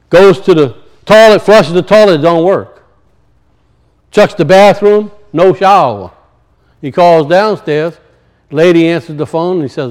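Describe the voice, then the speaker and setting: A man preaching a sermon and telling stories, swinging from loud high peaks to low muttered asides. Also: animated, a little slow, pauses often, rough recording. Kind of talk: sermon with storytelling.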